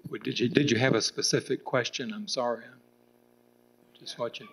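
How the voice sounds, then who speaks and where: A man's voice: medium pitch, steady tone, moderate pace, gravelly, fairly bright tone, slight background noise, rough recording. A middle-aged man answering at a public political debate, rambling with restarts and fillers. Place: public meeting room with audience.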